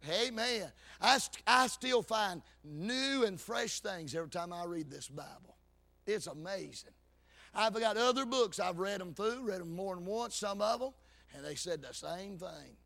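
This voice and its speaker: A man preaching a fervent sermon, his lines rising into half-sung, shouted peaks. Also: sits high, expressive, unhurried, creaky.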